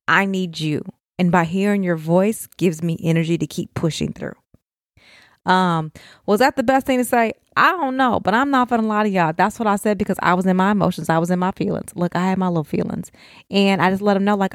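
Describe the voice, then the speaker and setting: Low, gravelly-voiced woman podcaster. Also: moderate pace, no room sound, clean studio sound. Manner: emotional, speaks straight to other mothers. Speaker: podcast host. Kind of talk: heartfelt casual talk to listeners.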